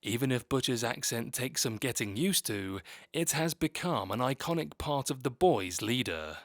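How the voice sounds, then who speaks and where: A man's voice: medium pitch, no echo, studio quality. Man reading a scripted video essay. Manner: steady, measured read-through. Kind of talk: scripted narration.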